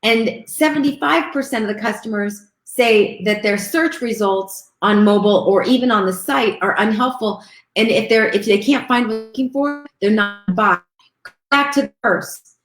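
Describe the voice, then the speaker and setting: A woman's voice: on the high side, normal speed, roomy sound. A woman giving a live webinar talk, upbeat, thanking viewers and reading out their chat comments. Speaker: webinar presenter.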